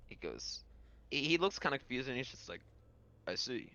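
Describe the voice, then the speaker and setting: A man narrating as game master in a tabletop role-playing game, talking slowly with halting restarts. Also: medium pitch, big pitch swings, sharp tone, highs cut off.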